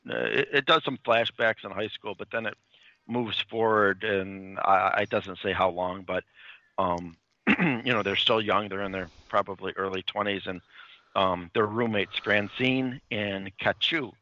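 A man with a low voice and a bright, forceful edge chats casually as a podcast host. He rambles and hesitates, filling gaps with ums and restarts. The lo-fi recording sounds dull and dry. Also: a little slow, no echo. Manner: rambling, hesitant, full of fillers. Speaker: podcast host reviewing comics. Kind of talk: casual chat.

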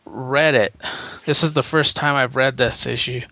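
A man casually chatting about a comic issue, relaxed, repeating words as he starts sentences. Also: medium pitch, measured pace, creaky, dry recording. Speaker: comic book podcast co-host. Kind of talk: casual discussion.

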